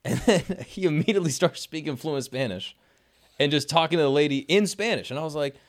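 A young man hosting a podcast, chatting casually and excitably and laughing often. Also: on the high side, a little fast. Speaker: podcast host. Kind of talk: casual chat.

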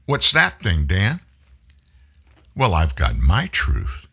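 A man's voice: low voice, wildly swooping pitch, slow, vocal fry, pushed and bright, breathy edge. A man hosting a talk show, delivering a folksy, emphatic political commentary monologue. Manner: folksy, emphatic, preachy, addresses listeners as folks.

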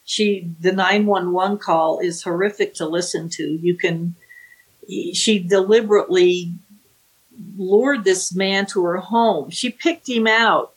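A woman's voice: on the low side, husky, rough recording. A woman, an author, recounting a true crime case in a vivid, dramatic way, acting out the quotes. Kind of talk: storytelling with acted-out quotes.

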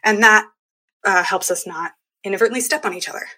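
Bright-voiced, enthusiastic woman explaining. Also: medium pitch, brisk. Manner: enthusiastic, explanatory, acts out quoted speech. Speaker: guest, women's group leader. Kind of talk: casual conversation.

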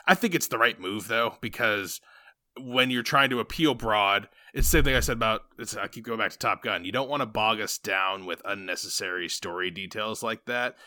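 A man's voice: fairly low pitch, moderate pace, pushed and bright, no room sound, studio quality. A man in casual conversation discussing a film, chatty with many fillers and restarts.

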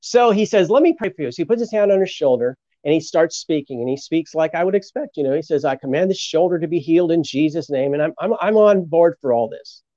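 Animated storytelling pastor, slightly muffled. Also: male voice, fairly high pitch, fairly quick, hardly any pauses, no echo. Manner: animated storyteller acting out quoted voices. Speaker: pastor, guest. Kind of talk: storytelling testimony. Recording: muffled lo-fi sound.

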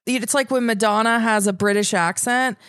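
A woman's voice: fairly high pitch, steady tone, normal speed, a bit bright, no echo, studio quality. A woman co-hosting a podcast in casual chat, blunt, playful and teasing. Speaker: podcast co-host.

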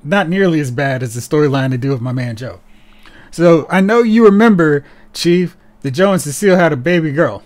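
A man co-hosting a casual podcast, talking in an animated, sarcastic way and slipping into mocking voices. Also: on the high side, fairly quick. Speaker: podcast co-host. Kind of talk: casual chat.

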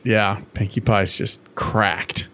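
A man's voice: lowish voice, steady tone, takes it slowly, sharp tone. Casual, foul-mouthed male podcast host. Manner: swears freely, acts out quoted characters in raised voices. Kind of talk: casual chat.

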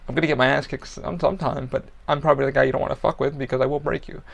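A man's voice: medium pitch, fairly even intonation, very fast, gravelly. A man hosting a podcast, talking candidly in a blunt, profane, rambling way about his own life. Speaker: podcast host. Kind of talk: candid personal talk.

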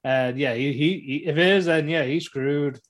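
With a fairly high voice and moderate pace, this co-host animatedly replays scenes for podcast listeners. He laughs as he acts out what characters said, often using fillers and starting over.

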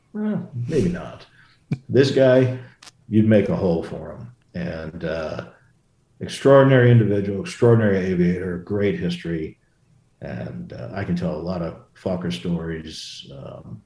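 A man's voice: low-pitched, dark tone, roomy sound. A middle-aged man, a former fighter pilot, telling rambling anecdotes in a casual interview and correcting himself as he goes. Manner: rambling, self-correcting anecdotes with quoted voices.

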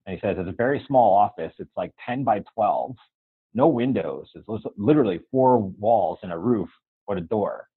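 A man's voice: on the low side, animated, moderate pace, husky, no echo, narrow, tinny audio. A man telling the story of his life in an interview, earnestly acting out the dialogue and asking "right?" again and again. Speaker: guest.

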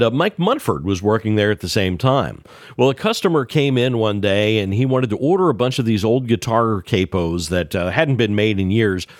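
A man telling an anecdote in a lively, casual way, acting out the dialogue as he goes. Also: medium pitch, no room sound, studio quality. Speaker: banjo player sharing a memory. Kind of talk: storytelling.

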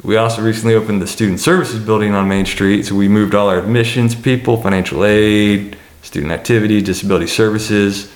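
A man with a low voice talks through campus plans on a panel, halting and restarting often. The room is echoey. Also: steady tone. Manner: hesitant, many fillers and restarts. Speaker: college administrator. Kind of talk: panel discussion answer.

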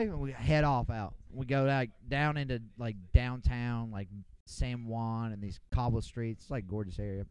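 Young male podcast co-host, smooth and resonant, dry close sound, loose profane storyteller. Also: mid-range voice, normal speed, few pauses, darkish tone, no echo. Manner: rambling, profane, boisterous anecdote. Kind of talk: casual storytelling among friends.

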